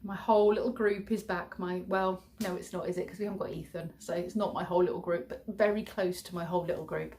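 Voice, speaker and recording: Talking fast with few pauses, this English childminder and vlogger has a lowish voice and fairly even intonation, over slight background noise. The middle-aged woman rambles warmly through a casual vlog sign-off to her viewers, chuckling along the way.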